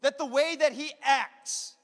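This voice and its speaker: A man preaching a sermon, impassioned, swinging between loud bursts and hushed moments. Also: extremely high pitch, unhurried, in a large hall, soft background music. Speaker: pastor.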